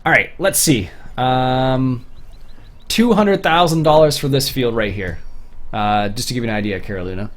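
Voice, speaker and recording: A man's voice: mid-range voice, normal speed. A young Canadian man from Ontario chatting casually through a livestream, rambling with fillers and restarts. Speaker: streamer.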